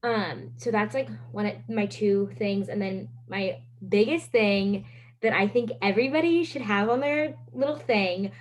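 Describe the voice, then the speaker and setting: A 19-year-old woman, a podcast guest, talking in a relaxed, conversational way. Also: medium pitch, unhurried. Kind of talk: casual chat.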